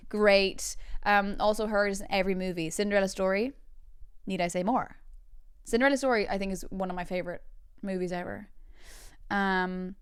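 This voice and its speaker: A woman around thirty, hosting a podcast with bubbly, giggly storytelling and quick tangents. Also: medium pitch, fairly even intonation, clean tone, no echo, studio quality. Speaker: podcast host. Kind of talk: casual chat.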